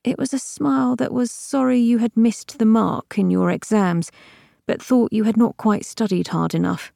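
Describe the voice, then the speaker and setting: A woman narrating a novel as an audiobook in measured, even storytelling. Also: fairly high pitch, vocal fry, no room sound, studio quality. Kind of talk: scripted fiction narration.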